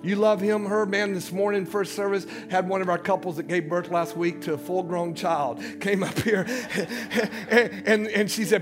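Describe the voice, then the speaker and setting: A man's voice: high-pitched, steady tone, a little slow, soft background music. A man preaching a sermon as pastor in a church, emphatic, calling out to his congregation. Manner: emphatic call-and-response preaching. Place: church sanctuary.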